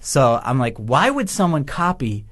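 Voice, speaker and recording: Animated man telling a story. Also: medium pitch, measured pace. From Massachusetts. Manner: animated, acts out quoted voices, laughs through the story. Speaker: guest. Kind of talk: casual storytelling.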